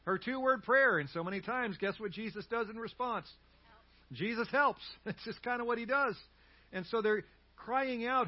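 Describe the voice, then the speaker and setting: Animated male pastor preaching. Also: sits high, moderate pace, dull audio. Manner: animated, leads call-and-response. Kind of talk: sermon. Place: church sanctuary.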